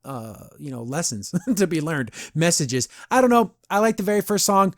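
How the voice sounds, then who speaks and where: A man's voice: on the high side, lively intonation, moderate pace, no echo, studio quality. A man hosting a podcast, casually reviewing an episode, rambling and laughing often. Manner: chatty, rambling, laughs often, says "I don't know" a lot. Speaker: podcast host.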